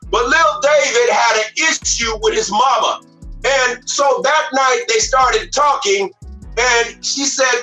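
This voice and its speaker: A man giving a motivational speech, emphatic and repetitive, often raising his voice to a shout. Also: extremely high pitch, normal speed. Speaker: motivational speaker. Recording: echoey room, far from mic, faint music.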